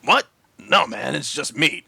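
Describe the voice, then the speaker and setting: A man voicing a gruff, irritable middle-aged biker in a storybook reading, grumbling and exasperated. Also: on the high side, expressive, measured pace, pushed and bright, no room sound, full character voice. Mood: irritated.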